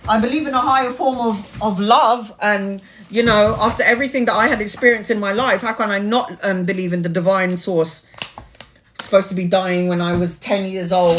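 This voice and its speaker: A woman's voice: mid-range voice, a little hiss or hum. A woman tarot reader telling a spiritual story on a casual live stream, earnest and blunt, with a loose, rambling delivery and the odd swear.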